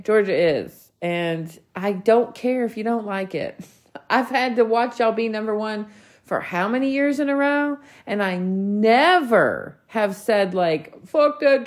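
A woman, hosting a solo podcast rant, blunt, heated and full of swearing. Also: mid-range voice. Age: 40s. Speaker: podcast host.

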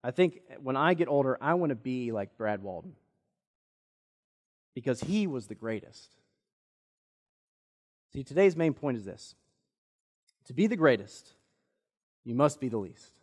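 A man preaches a sermon in a church sanctuary, the recording soaked in long reverb. He's a pastor of medium pitch who talks a little slowly and pauses often, telling an earnest personal story and giving lively voices to those he quotes.

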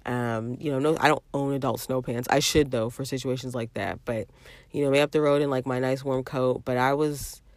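A woman's voice: a bass voice, fairly even intonation, a little fast, dry recording. 30s woman rambling thru a storytime vlog, keeps repeating herself, talks right to viewers, dry room. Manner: rambling, repeats phrases, addresses viewers as y'all. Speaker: vlogger. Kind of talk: casual storytime chat.

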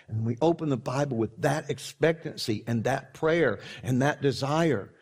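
A man's voice: mid-range voice, lively intonation, a little slow, few pauses, a little mellow, breathy edge. A man preaching a sermon in an earnest, conversational way, often restarting his sentences.

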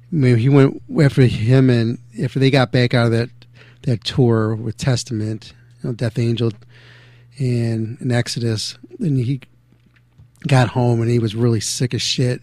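A man's voice: medium pitch, darkish tone, dry recording. A man hosting a radio show in loose, rambling casual chat with many fillers. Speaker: radio host.

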